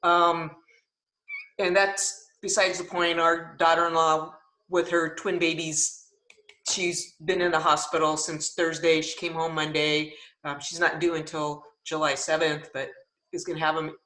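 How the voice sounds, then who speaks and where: A woman's voice: low voice, little pitch movement, measured pace, pushed and bright, echoey room, low-quality recording. A woman coach sharing her takeaways on a group call, emotional and enthusiastic.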